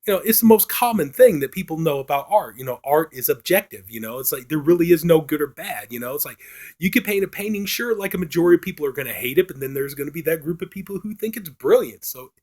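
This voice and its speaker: A man's voice: on the high side, expressive, fast talker, darkish tone. A man reviewing a film, retelling its plot in a casual, rambling way full of filler phrases.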